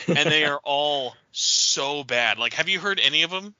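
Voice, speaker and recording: A man hosting a gaming podcast in casual chat, animated and quick to laugh. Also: on the high side, no echo. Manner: animated, laughing, imitates others. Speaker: podcast host. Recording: dull lo-fi audio.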